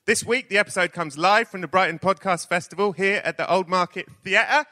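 A man with a high, sharp voice hosts a podcast live in a theatre, speaking briskly. He delivers playful, joking introductions to the audience, and the sound reverberates around the room.

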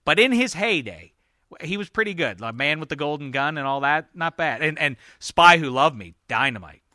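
A man hosting a casual sports podcast, animated and jokey, with frequent "uh" fillers. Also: on the high side, moderate pace, dry recording, studio quality. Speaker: podcast host.

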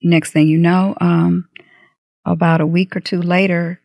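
A middle-aged woman tells a personal story in an interview, her voice gravelly with a touch of fry. She speaks candidly and livens her telling by acting out what people said. The recording is dry and close, with no room sound. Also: on the low side, unhurried, no echo. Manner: candid, animated retelling with acted-out dialogue. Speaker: guest.

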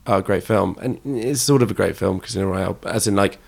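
A man's voice: lowish voice, quick pace, creaky, darkish tone. A man from England chatting casually on a podcast, often restarting and swearing bluntly. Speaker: podcast co-host. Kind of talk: casual chat.

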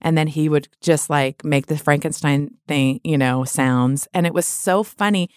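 A middle-aged woman appears as a guest, sharing personal stories in a candid, chatty way while laughing often and restarting sentences. Her voice is deep, dark and clean at a normal speed, recorded in studio quality with no echo.

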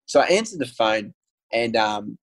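Speaking with a sing-song lilt at medium pitch and moderate speed, a male guest recounts something personal in casual conversation. The recording is rough, and his earnest, open telling is full of ums and restarts.

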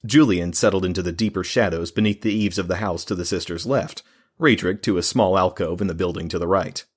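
Calm and even, a man's very low, husky voice carries a fantasy novel. He's an audiobook narrator, and his reading is steady and measured.

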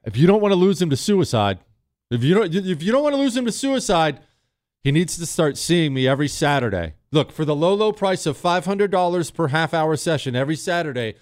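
A man's voice: fairly high pitch, animated, normal speed, natural voice. A man putting on the voice of a smug, manipulative school counselor with a slick sales patter.

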